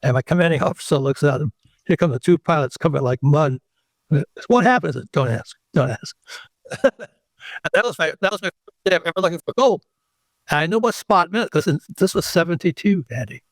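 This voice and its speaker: A man's voice: on the high side, fast, no echo. An older man, an interview guest, telling a long anecdote in casual conversation and acting out the people in it. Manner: animated anecdote teller who acts out the people in his stories.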